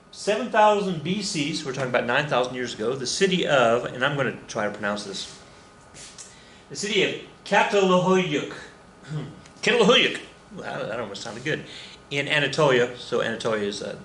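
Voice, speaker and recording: A man's voice: medium pitch, a bit bright. A man teaching an anthropology lesson over slides, rambling and self-deprecating, with lots of fillers and asides. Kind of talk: recorded lecture over slides. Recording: echoey room with faint ambient noise.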